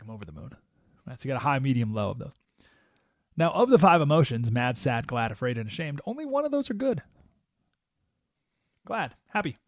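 A male radio talk show host with a mid-range voice delivers an animated, emphatic and preachy opinion monologue, acting out quotes along the way. The studio sound is clean, with no echo.

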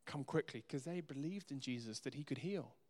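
A man preaching a sermon as pastor, earnest, moving between soft quiet asides and emphatic raised lines. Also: medium pitch, a little fast. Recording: long hall reverb.

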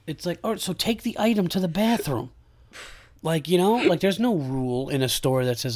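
A man's voice: on the high side, lively intonation, normal speed, darkish tone. A man hosting a casual comedic podcast chat, ranting in heated, profane bursts and breaking into laughter. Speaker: podcast host.

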